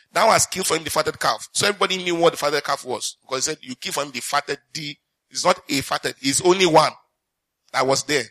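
A man's voice: a little high, pushed and bright. A man preaching a sermon, reading scripture aloud, repeating lines for emphasis and putting questions to the congregation.

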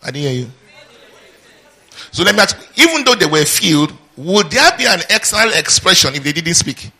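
A man's voice: on the high side, moderate pace, husky. A man preaching a sermon, drawing call-and-response answers from the congregation. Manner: call-and-response, asks the congregation to finish his sentences; lively teaching with asides and laughter.

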